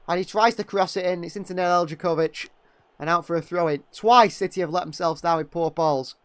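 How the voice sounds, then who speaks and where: Young man, fan match commentary, high voice, dry close sound, excitable, partisan. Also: brisk, clean tone, dry recording. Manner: excitable, exclaiming at big moments, critical of players.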